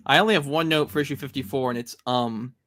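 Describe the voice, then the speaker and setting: Co-host, casual chat, bright sharp tone, mid pitch, halting fillers. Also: dry recording, studio quality. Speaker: comic podcast co-host.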